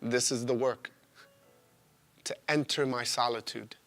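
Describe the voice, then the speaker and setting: A man in his twenties performing a theatrical spoken-word monologue, raw and profane, swinging from loud outbursts to hushed confession. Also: medium pitch, fairly even intonation, measured pace, soft background music. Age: 20s.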